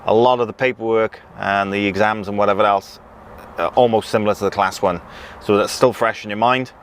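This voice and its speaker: A man's voice: on the low side, fairly quick. A man in casual chat from his truck, reading out viewer comments with lots of ums and restarts. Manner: relaxed, chatty, many ums and restarts. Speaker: truck driver vlogger. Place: in and around a truck. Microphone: action camera with pocket mic. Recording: faint outdoor vehicle noise.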